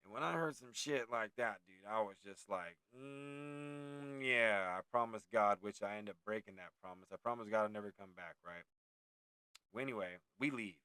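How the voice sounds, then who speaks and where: A man's voice: fairly low pitch, a little fast, fairly bright tone, no room sound. A man around forty from California, telling a haunted story in a rambling, profane, laid-back way, full of tangents and self-corrections. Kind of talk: casual storytelling.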